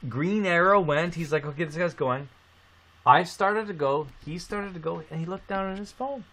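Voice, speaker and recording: A man from Canada casually telling a story on a live stream, animated and swearing. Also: on the high side. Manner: animated, swearing storyteller who acts out quotes.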